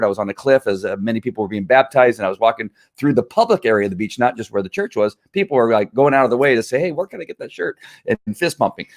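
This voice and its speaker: A middle-aged man hosting his own show, talking in a rambling, halting way with many fillers and an earnest, emphatic tone. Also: medium pitch. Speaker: show host. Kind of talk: casual live-stream monologue.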